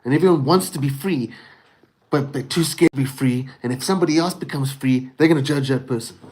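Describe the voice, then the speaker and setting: A man ranting on his own livestream in a loose, unfiltered monologue. He is very expressive, swears often and drops "dude" and "bro" into nearly every thought. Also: medium pitch, fairly quick.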